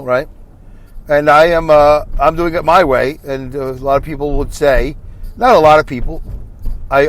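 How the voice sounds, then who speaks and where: A man hosting his podcast alone, rambling through a monologue full of fillers and restarts while he drives. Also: mid-range voice. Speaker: podcast host. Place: car driving on a highway. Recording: faint road noise in a moving car.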